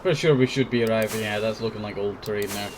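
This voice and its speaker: A man's voice: on the low side, steady tone, fast. Man hosting a gameplay video, sick and coughing, rambling chatty delivery, faint noise behind. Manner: rambling, keeps saying "I tell you". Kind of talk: casual gameplay commentary.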